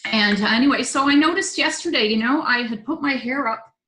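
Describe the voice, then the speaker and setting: A middle-aged woman hosting a healing circle over a video call, sharing tearfully in a soft, halting, heartfelt way. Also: high voice. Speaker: host of a women's healing circle. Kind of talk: emotional sharing in an online circle. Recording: roomy echoey sound.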